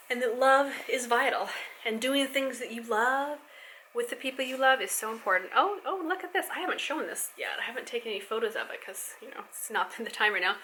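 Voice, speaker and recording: Bright, chatty mother vlogger. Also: fairly high pitch, slight background noise. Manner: chatty and affectionate. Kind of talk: casual chat while folding laundry. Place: home.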